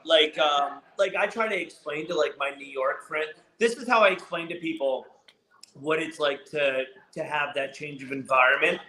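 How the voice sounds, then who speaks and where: A man's voice: fairly high pitch, normal speed, pushed and bright, a little hiss or hum. A man hosting a casual podcast, laughing a lot and swearing as he chats. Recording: echoey room.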